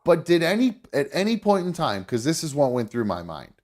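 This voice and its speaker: A man hosting a casual talk show, rambling and swearing freely as he thinks out loud. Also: a little high, huge pitch swings, a little fast. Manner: rambling, profane, restarts. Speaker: host. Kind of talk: casual chat.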